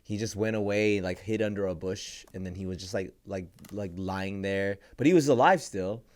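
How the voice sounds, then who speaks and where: A man's voice: fairly low pitch, normal speed, a little mellow. A young man co-hosting a podcast, telling a story in a rambling casual way, full of "like" and "bro". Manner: rambling, heavy use of "like" and "bro". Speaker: podcast co-host.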